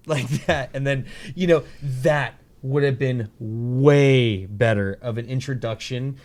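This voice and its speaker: A man hosting a casual podcast, rambling through animated retellings of scenes, with lots of fillers and some swearing. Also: medium pitch. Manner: casual, profane, filler-heavy. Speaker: podcast host.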